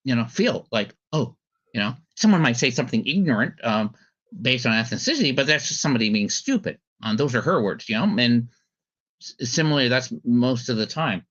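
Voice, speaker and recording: A man's voice: mid-range voice, very animated, brisk, a bit bright. A man hosting a casual podcast commentary chat, rambling with many ums and restarts. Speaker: podcast host. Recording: slightly dull lo-fi audio.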